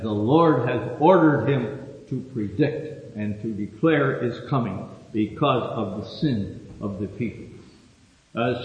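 A man preaching a sermon, reading Scripture with rising emphasis and teaching with frequent hesitations. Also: medium pitch. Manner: reads Scripture with rising emphasis, lectures with fillers. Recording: echoey hall, dull lo-fi sound.

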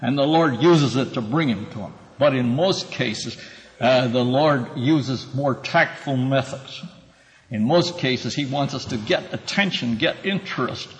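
A man's voice: medium pitch, unhurried, big-room sound, low-quality recording. A man teaching a Bible class, explaining scripture verse by verse and calling on students by name. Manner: earnest, emphatic when quoting scripture.

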